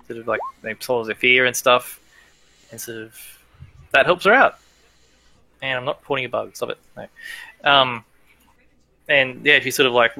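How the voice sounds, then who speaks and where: A man runs a tabletop game as its game master. His voice is bright and forceful, and the sound is dry and close. He hesitates often, restarting sentences and filling gaps with ums and "sort of". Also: medium pitch, creaky, dry recording. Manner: hesitant, many fillers and restarts.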